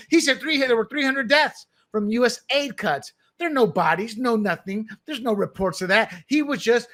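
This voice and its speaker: A man's voice: high voice, bright, forceful tone. A man hosting political commentary, delivering opinions in a combative, emphatic and scornful way.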